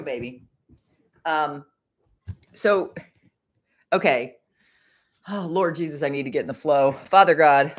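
A middle-aged woman with a low, slightly rough voice hosts a rambling faith livestream from her home. She's chatty, gets sidetracked easily, and laughs a lot.

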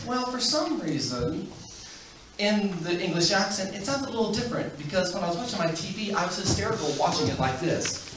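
A man performing a stand-up comedy set, chuckling as he tells his stories, recorded from afar on a club stage. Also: sits high. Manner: animated, chuckling storyteller. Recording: echoey club from far off with noise.

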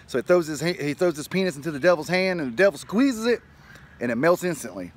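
A man tells a joke aloud in a fairly high voice. He runs through it in an animated storytelling manner and slips into quick voices for the people in it. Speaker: joke teller. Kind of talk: telling a joke.

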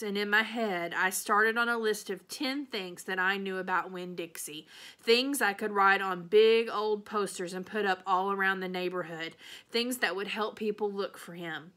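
Brief: woman reader, children's novel, steady, bright and forceful voice. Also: medium pitch. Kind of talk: reading a children's novel aloud.

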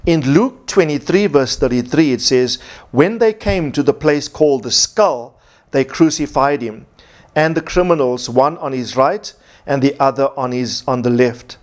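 A man's voice: medium pitch, unhurried. A man preaching a sermon as pastor, from South Africa, emphatic and repeating his key points.

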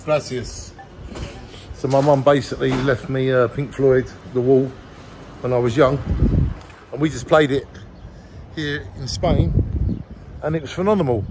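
A man's voice: mid-range voice, fairly even intonation, moderate pace, long pauses. A man vlogging while driving into the mountains, speaking with heartfelt emotion straight to his late mother. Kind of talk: casual spoken video diary. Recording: road and wind noise.

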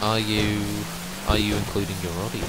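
A man's voice: on the low side, completely flat delivery, moderate pace, loud music behind the voice, low-quality recording. A man in casual gaming voice chat, teasing his friends and repeating silly jokes into a headset mic. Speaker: online game player.

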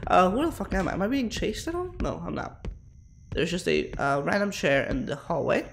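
A man with a high-pitched voice narrates his horror game live, joking crudely and rambling at his chat. A faint layer of noise sits under the recording. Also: huge pitch swings, moderate pace, vocal fry, a bit bright. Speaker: streamer. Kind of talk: live gameplay commentary.

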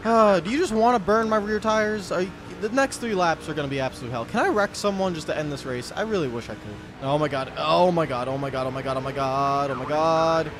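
Excitable young man narrating a racing game. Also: on the high side, fast talker, hardly any pauses, music in the background. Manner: excitable, yells when wrecked, mutters to himself. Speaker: gaming YouTuber.

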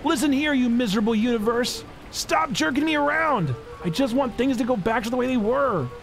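Brief: man playing a furious young kid yelling at the sky, high and strained, game dialogue. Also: lively intonation, a little fast, gravelly, faint music behind, exaggerated voice. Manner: shouting, voice cracking high. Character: upset young boy venting at a storm. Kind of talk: reading game dialogue aloud.

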